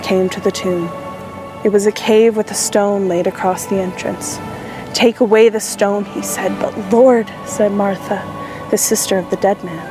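A woman giving a measured, expressive scripture reading. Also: mid-range voice. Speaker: scripture reader.

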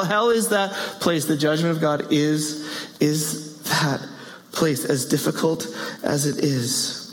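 A man preaching a sermon in an animated way, with playful asides and rising exclamations. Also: fairly high pitch, takes it slowly. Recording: long hall reverb.

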